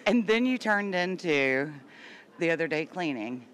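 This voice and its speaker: A woman's voice: low-pitched, expressive, measured pace, a bit bright. A woman hosting a casual interview, laughing easily and reacting encouragingly to her guest. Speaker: interview host.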